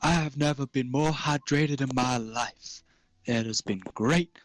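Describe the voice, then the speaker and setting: A man's voice: mid-range voice, measured pace, no room sound, close to an everyday voice. A man voicing a friendly male talking cactus, cheerful and drawn out.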